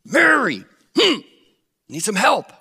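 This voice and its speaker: A man voicing Martha, a bossy, busy woman, in a high, loud, urgent voice. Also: big pitch swings, moderate pace. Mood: exasperated. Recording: long reverb of a hall.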